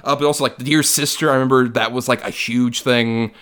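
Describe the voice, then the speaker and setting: A man's voice: medium pitch, steady tone, a little fast, a bit bright. A young man co-hosting a film review podcast, chatting casually with lots of filler words and the odd swear. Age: young adult. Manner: rambling, many filler likes, swears casually. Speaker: podcast co-host.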